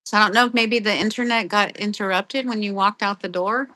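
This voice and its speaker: A woman's voice: medium pitch, fairly even intonation, fairly quick, pushed and bright. A woman hosting a live video-call chat, talking in a chatty, encouraging way and laughing easily. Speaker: host. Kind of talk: casual chat.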